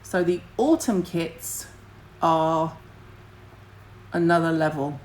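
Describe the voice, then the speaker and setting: A middle-aged woman with a low-sitting voice speaks slowly while hosting a casual skincare livestream, chatting to viewers bluntly and ramblingly with the odd casual swear. The recording is rough, carrying a little hiss or hum.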